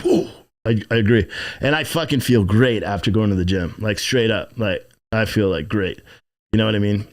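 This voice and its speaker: A man hosting a casual livestream from inside his shop, rambling and swearing as he reads chat comments and plugs his business. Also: medium pitch. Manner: rambling, profane, plugging his own business. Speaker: livestream show host.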